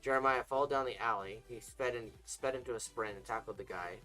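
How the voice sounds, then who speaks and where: A man's voice: mid-range voice, fairly quick, sharp tone, faint music behind, rough recording. A man casually reading fiction aloud, stumbling and restarting now and then. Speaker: story reader.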